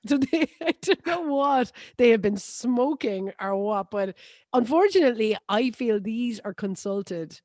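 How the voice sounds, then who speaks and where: A woman with an Irish accent co-hosting a casual podcast, telling stories in an animated, laughing way. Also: a little high, unhurried, no echo, clean studio sound. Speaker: podcast co-host. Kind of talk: casual chat.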